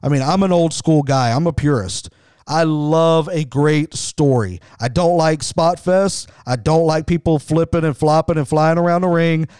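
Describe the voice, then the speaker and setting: Man, middle-aged, podcast host, enthusiastic, conversational, slightly high voice, smooth, dry sound. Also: moderate pace, a little mellow, dry recording. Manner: enthusiastic, conversational, frequent restarts. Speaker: wrestling show host. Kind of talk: podcast commentary.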